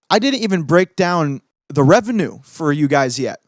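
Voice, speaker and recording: Young guy podcast host going off on a rant, swears a lot, gloats, slow-ish delivery. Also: high voice, expressive, no echo, studio quality. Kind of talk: casual ranting commentary.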